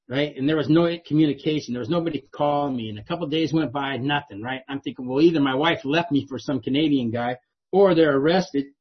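A middle-aged man telling a personal recovery story in a lively way, often adding "right?" to check in with the room. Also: on the high side, husky, dull audio. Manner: animated, repeats "right?" often. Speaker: speaker sharing a recovery story. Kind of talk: storytelling talk.

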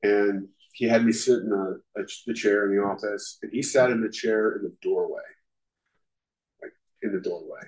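A man's voice: fairly low pitch, steady tone, normal speed, darkish tone, poor audio. A man giving candid personal testimony at a recovery meeting, self-deprecating and peppered with "you know". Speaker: speaker sharing at a recovery meeting.

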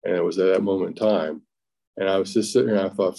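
A middle-aged man tells his own story at a recovery meeting in a plainspoken, halting way, often restarting and acting out what was said. His voice sits very low and sounds dark and mellow. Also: steady tone, gravelly. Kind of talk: personal testimony at a recovery meeting.

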